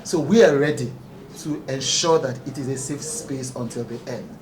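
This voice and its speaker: With a mid-range, darkish voice at a moderate pace, a man who hosts a talk show speaks earnestly and emphatically at a press conference and often breaks into laughter. The room echoes, the mic is distant, and background noise is present.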